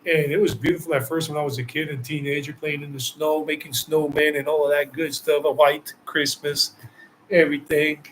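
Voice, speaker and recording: A man's voice: fairly high pitch, level tone, moderate pace, a bit bright, a little hiss or hum, rough recording. A man from the United States, a travel vlogger answering viewer questions live, talking emphatically and repeating phrases for stress. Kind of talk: live Q&A chat.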